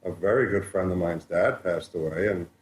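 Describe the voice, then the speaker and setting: A man co-hosting a radio talk show, telling a story with animated delivery and chuckles. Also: low voice, moderate pace. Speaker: radio co-host. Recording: echoey studio with faint hiss.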